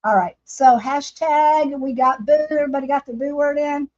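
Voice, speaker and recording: Speaking at a moderate pace with a steady tone, a woman uses a high-pitched, darkish voice. She chats and laughs with viewers while painting on her casual home craft livestream. The audio quality is dull and lo-fi.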